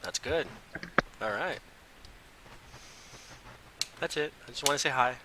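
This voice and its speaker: A man's voice: mid-range voice, slow, heavy background noise. A man playing in a tabletop game, joking and playful. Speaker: player. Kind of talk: casual tabletop play.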